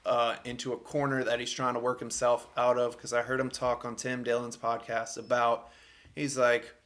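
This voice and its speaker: A man's voice: mid-range voice, monotone, normal speed, a bit bright. A young man from Louisiana hosting a podcast, chatting casually in a rambling way with lots of fillers and swearing. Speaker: podcast host. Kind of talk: casual chat.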